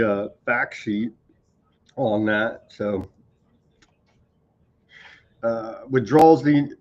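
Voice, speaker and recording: A man's voice: medium pitch, lo-fi sound. A male host reading out news items with casual, skeptical commentary. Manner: reads documents aloud, casual asides.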